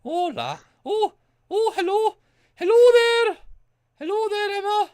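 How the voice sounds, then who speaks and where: A squeaky, goofy made-up character voice. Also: male voice, big pitch swings, measured pace, dry recording, studio quality, heavily acted. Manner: bouncy, greeting and chattering in a very high voice. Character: goofy male character with a muddled put-on accent.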